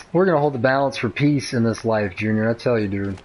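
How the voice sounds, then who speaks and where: A man's voice: mid-range voice, fast, a little mellow, poor audio. A young man chatting casually while gaming, laid-back, rambling and profane.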